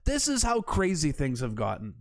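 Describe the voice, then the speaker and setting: A man's voice: a little high, wildly swooping pitch, normal speed. A man hosting political commentary in a sarcastic, incredulous manner. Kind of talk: opinionated commentary.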